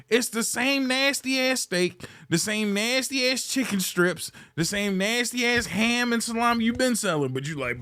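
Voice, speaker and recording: A man's voice: extremely high pitch, normal speed. A man hosting a podcast, ranting in a casual, comedic way. He swears freely and sounds exasperated. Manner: profane, exasperated, animated complaining. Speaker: podcast host.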